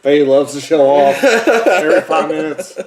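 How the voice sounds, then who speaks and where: A man's voice: fairly high pitch, lively intonation, normal speed. A man co-hosting a casual podcast chat who keeps chiming in and finishing the other host's sentences. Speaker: podcast co-host. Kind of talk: casual movie recap chat. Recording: roomy echo.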